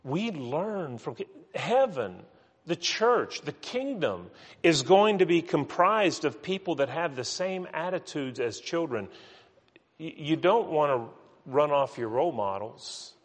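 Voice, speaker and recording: A man's voice: fairly high pitch, very animated, unhurried, breathy edge, big-room sound. A man preaching a sermon with earnest emphasis, often restarting his words. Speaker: pastor.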